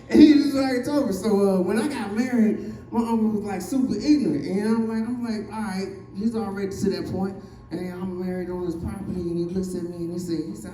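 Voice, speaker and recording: A man's voice: high-pitched, fast talker, dark tone, echoey room, distant mic, faint music behind, rough recording. A man in his forties doing a stand-up comedy set, telling family stories and acting out his relatives' voices. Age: 40s. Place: comedy stage.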